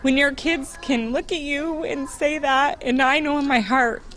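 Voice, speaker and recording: A woman in her forties, an interview guest, sharing an emotional personal testimony with earnest warmth and occasional laughter. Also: high voice, steady tone, measured pace, a little hiss or hum.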